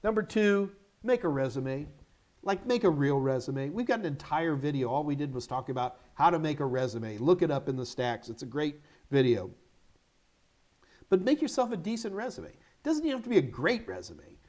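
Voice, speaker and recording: A middle-aged man from the United States hosting a live Q&A, giving energetic, emphatic career advice in short repeated commands while sounding a little tired. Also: a little high, a little fast. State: yawny, tired. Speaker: host answering viewer questions.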